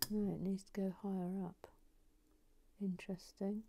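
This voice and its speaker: A woman chats while building, and her voice sits at an ordinary middle pitch. She pokes fun at herself and often sinks into a soft whisper during the fiddly parts. A faint hiss runs underneath. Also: little pitch movement, unhurried, vocal fry. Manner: chatty and self-mocking, drops to a whisper while concentrating. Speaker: host of a building stream. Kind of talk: casual chat while building and reading viewer comments.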